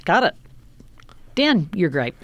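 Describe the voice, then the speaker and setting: A woman hosting a political talk radio show, brisk and upbeat as she leads each segment. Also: on the low side, big pitch swings, dry recording, lo-fi sound. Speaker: radio host.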